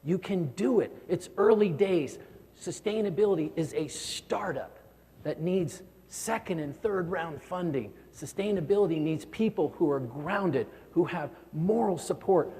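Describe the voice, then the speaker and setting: A man's voice: on the high side, animated, a little slow, dark tone. Earnest man giving a keynote in a hall. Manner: earnest, repeats words when stirred. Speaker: keynote speaker. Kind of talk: motivational keynote speech. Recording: long hall reverb.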